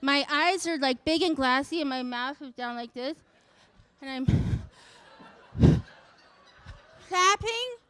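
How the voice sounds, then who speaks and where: A woman's voice: high-pitched, unhurried, pauses often. A middle-aged woman telling a comic personal story in a wry, self-mocking way, acting out the voices she quotes.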